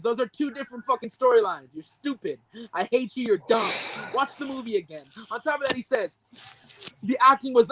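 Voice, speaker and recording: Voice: high voice, sharp tone, low-quality recording. A young adult podcast co-host giving a heated, profane, indignant rant about a movie review. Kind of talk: ranting movie-review reaction.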